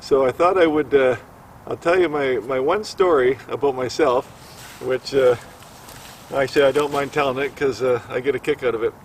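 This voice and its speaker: Man telling a story with many halting pauses. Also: medium pitch, a little hiss or hum. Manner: halting, many fillers and restarts. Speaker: outdoor cooking vlogger. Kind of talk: casual storytelling to camera. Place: outdoors by a campfire.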